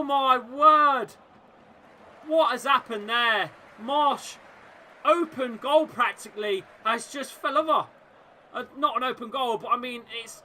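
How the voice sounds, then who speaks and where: A man hosting a live fan watchalong, commentating on the match and shouting encouragement at his team. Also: very high-pitched, slight background noise. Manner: chatty, reacting and laughing at misses. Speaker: football fan watchalong host.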